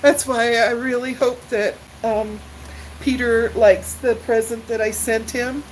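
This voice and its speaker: A woman's voice: on the high side, level tone, unhurried, a little hiss or hum, poor audio. An older woman chatting live with her viewers, emotional and tearful as she gushes her thanks. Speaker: livestream vlogger. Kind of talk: casual live chat with viewers.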